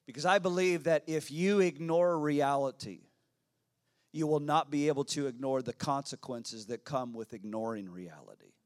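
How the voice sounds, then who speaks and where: A man preaching a sermon as pastor, slow and emphatic with many repetitions, dropping to hushed tones and rising to shouts. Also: medium pitch. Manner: dramatic swings from hushed to shouting.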